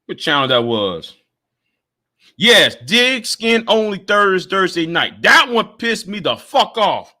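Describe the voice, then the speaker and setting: A man's voice: high-pitched, sing-song, takes it slowly, sharp tone. A man hosting a casual livestream, angry, swearing constantly and stammering over repeated words. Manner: profane, stammering repetitions. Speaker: livestream host.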